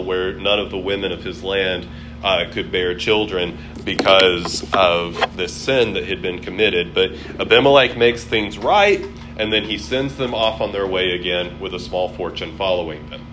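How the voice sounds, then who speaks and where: A man teaching a casual Bible study, chatty and amused, with many fillers. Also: low voice.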